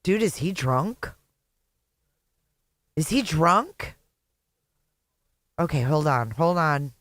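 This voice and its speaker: Middle-aged stream host from Indiana, blunt and profane, mid pitch, dry close mic. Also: lively intonation, very slow, fairly bright tone, dry recording. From Indiana, USA. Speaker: channel host. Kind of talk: live reaction commentary.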